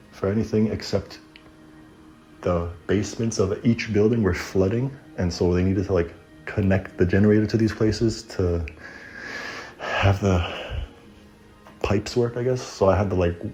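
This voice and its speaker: A man's voice: fairly low pitch, darkish tone, low-quality recording. A man telling a rambling personal story in casual slang, often correcting himself mid-sentence.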